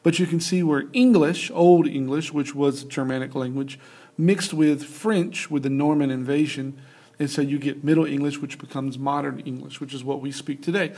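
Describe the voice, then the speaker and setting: Casual higher-voiced male teacher. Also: fairly even intonation, normal speed, darkish tone, husky. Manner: casual, loose, many fillers and restarts. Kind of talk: recorded lecture over slides.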